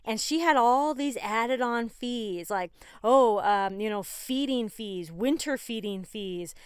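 A woman's voice: on the high side, slow pace, clear, resonant tone, no room sound, studio quality. A woman hosting a podcast in a casual, rambling, chatty way, with frequent fillers and laughs. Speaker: podcast host. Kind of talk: casual chat.

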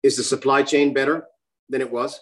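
A host interviewing guests in a casual chat, asking rapid-fire follow-up questions. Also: mid-range voice, steady tone.

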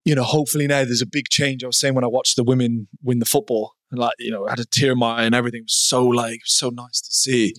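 A man's voice: medium pitch, level tone, fast, few pauses, fairly bright tone, no echo. A man hosting a podcast, asking long rambling questions that he restarts as he goes. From Wales. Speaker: podcast host. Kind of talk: casual podcast chat.

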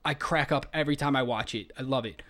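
A man co-hosting a casual podcast chat about films, retelling scenes in an animated, rambling way. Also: medium pitch, fast. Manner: animated storytelling, rambling asides. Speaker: podcast co-host reviewing films.

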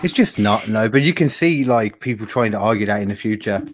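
A man's voice: on the low side, lively intonation, brisk. A man who performs improv, chatting in an easygoing, agreeable way with some hesitant fillers. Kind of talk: casual chat.

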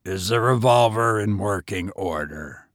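A man doing a curt, commanding gentleman. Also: fairly low pitch, measured pace, no echo, clean studio sound, pitched below the performer's own voice, lightly acted. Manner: clipped, brusque orders.

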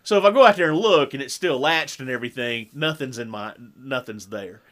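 A man's voice: medium pitch, fairly quick. A middle-aged man chatting casually as a podcast co-host, telling home stories and acting out the dialogue. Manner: animated, acts out quoted dialogue. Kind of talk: casual storytelling chat.

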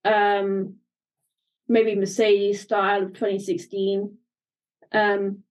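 A woman's voice: mid-range voice, flat delivery, takes it slowly, darkish tone. A woman co-hosting a casual podcast, hesitant and searching for words. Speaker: podcast co-host. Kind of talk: casual chat.

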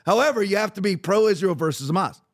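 High-voiced man ranting as podcast host. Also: expressive, fast talker. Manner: heated, sarcastic, repetitive. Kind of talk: ranting political commentary.

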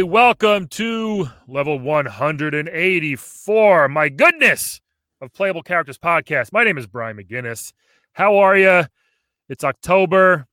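Brief: male podcast host, joking, very animated pitch, fairly high voice. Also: dry recording, clean studio sound. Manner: excitable, joking, lots of laughter. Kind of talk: comedy podcast interview.

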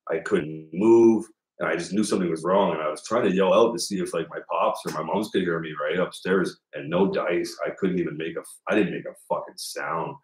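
A man's voice: low voice, brisk, hardly any pauses. A laid-back man talking casually, slangy and swearing freely. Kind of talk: casual chat. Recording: roomy echo.

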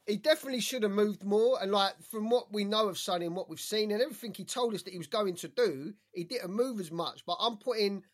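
A man co-hosting a boxing podcast in casual chat, blunt, excitable and swearing. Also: high voice, fast talker, few pauses. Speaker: podcast co-host.

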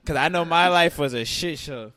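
Laid-back young male podcast host, fairly high. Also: moderate pace, pushed and bright, no room sound. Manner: laid-back, joking, uses slang. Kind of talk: casual chat.

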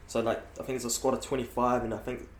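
In an echoey room with a faint hiss, a late-teen young man with a New Zealand accent chats as a guest, easygoing and heavy on filler words as he tells stories. He talks fast, with a medium pitch and flat delivery.

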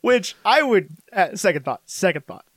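A man's voice: sits high, very animated, normal speed, no room sound. A young man co-hosting a podcast, chatting casually about a film in an easygoing, jokey way. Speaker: podcast co-host. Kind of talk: casual film review chat.

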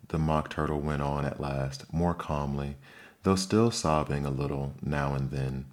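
A man narrating a storybook audiobook in a measured, steady manner. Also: extremely low pitch.

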